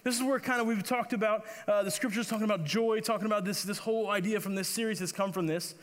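A man's voice: high voice, steady tone, fast talker, a bit bright. A male pastor preaching a sermon in a conversational way, often repeating words and acting out the quotes he reads. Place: church hall. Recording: long reverb of a church hall.

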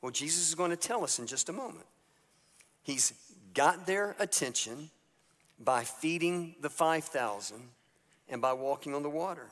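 A man with a slightly higher voice preaches a sermon, retelling Bible scenes with lively, casual storytelling. His voice rings out in a church hall with a long reverb tail. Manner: storytelling, acts out biblical characters in a casual voice. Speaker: pastor. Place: church sanctuary.

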